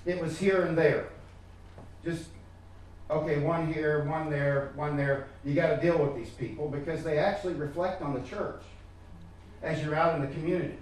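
A man's voice: a little high, fairly even intonation, moderate pace, darkish tone, a little hiss or hum. Man, pastor, sermon, emphatic, repeats himself, strongly echoey hall, distant mic. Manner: emphatic, repeats words, addresses listeners directly. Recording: echoey room from far off.

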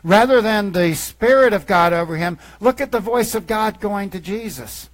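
A man preaching a sermon as a pastor, reading scripture aloud and swinging between loud emphasis and hushed asides. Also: sits high, normal speed, poor audio.

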